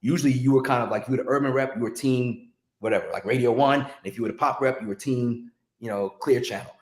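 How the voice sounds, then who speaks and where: A man, a longtime record promotion rep, telling stories in a casual interview in an animated, slangy way. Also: medium pitch, quick pace, reverberant. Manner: animated, slangy, restarts when excited.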